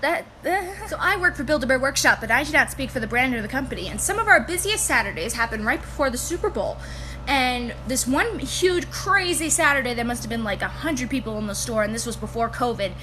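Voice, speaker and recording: A woman who works in a toy store, casually telling funny customer stories to camera, animated and laughing as she goes. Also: high voice, brisk, a little hiss or hum. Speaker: retail store employee.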